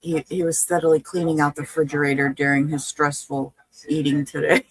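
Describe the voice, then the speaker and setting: A woman livestreaming reactions to body cam videos chats casually but gets frustrated about her stream failing, swearing and laughing as she goes. Her low voice barely moves in pitch and she talks briskly; the recording is dry and low quality.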